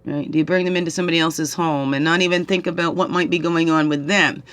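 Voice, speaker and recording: A woman's voice: low voice, fairly even intonation, fast, a bit bright. Tearful woman giving spiritual guidance. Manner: repeats "right?" often, coaxing questions. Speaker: spiritual tarot reader. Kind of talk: reflective spiritual guidance talk.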